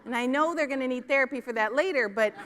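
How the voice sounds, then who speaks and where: Middle-aged woman from Minneapolis, high voice, keynote storyteller; recorded in a large reverberant hall. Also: fast talker, fairly bright tone, slight background noise. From Minneapolis, US Midwest. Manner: storytelling, asks the audience "right?" often. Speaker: conference keynote speaker. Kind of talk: keynote talk. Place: conference hall stage.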